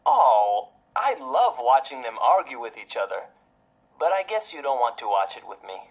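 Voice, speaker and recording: A low, slightly husky voice performs a scripted listening dialogue. The pitch moves a lot as she chats with a friend. Delivery stays clear and measured, in the style of a textbook recording. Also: big pitch swings, full character voice. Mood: chatty. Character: woman chatting about a reality show. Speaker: speaker on a textbook listening track.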